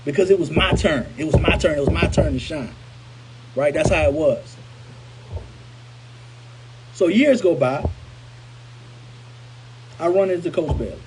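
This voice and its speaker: High-voiced man telling a story. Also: a little slow, pauses often, a crowd in the background, rough recording. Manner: animated, repetitive, conversational. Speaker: motivational speaker. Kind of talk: storytelling to camera.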